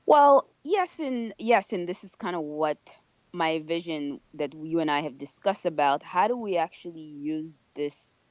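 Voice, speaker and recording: A woman's voice: sits low, expressive, measured pace, no echo, lo-fi sound. Middle-aged woman, podcast guest, reflective and earnest, dry close sound. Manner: earnest, reflective, rhetorical "right?" tags. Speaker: podcast guest, nonprofit leader. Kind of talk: casual podcast conversation.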